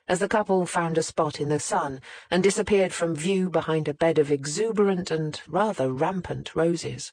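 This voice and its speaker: Audiobook narrator, mid-pitched, measured scripted reading, close dry mic. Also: darkish tone, no room sound.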